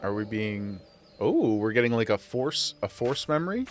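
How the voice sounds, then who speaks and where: A man's voice: fairly low pitch, very animated, normal speed, slight background noise. A man streaming a video game from home, joking and laughing a lot as he chats and reads the game's dialogue aloud. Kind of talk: casual live gameplay commentary.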